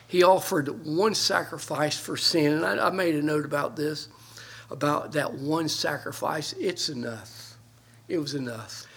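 A man's voice: on the high side, creaky, slightly rough. An older man, a pastor, preaching a sermon on Bible verses with earnest emphasis and homely asides.

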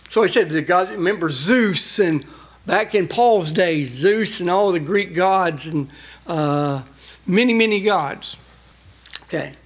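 A man preaching a sermon, reading scripture and explaining it with rising emphasis. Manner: animated, rising in pitch when emphasizing. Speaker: pastor.

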